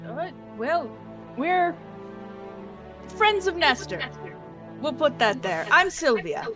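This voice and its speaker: A woman player at a tabletop game, speaking softly and haltingly from a distance. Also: high voice, sing-song, music in the background. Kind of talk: casual chat at the game table.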